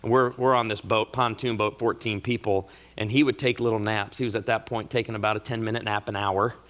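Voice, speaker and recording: A middle-aged man speaks to a marriage conference audience in a sermon-style talk, his voice bright and forward. He tells stories with lively comic timing. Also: fairly low pitch, fairly quick. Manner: animated storyteller with comic asides.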